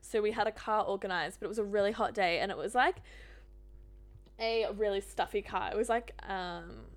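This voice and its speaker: A young woman in her twenties with an Australian accent, a podcast co-host telling a travel story in a casual, animated way with plenty of swearing and filler words. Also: mid-range voice, normal speed. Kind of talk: casual chat.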